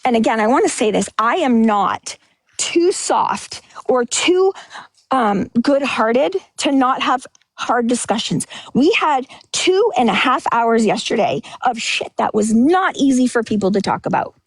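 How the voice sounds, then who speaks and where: A woman's voice: fairly high pitch, lively intonation, moderate pace, no room sound. A woman talking bluntly and emotionally on a livestream, rambling and restarting, a bit out of breath. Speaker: livestream host. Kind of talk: candid livestream monologue.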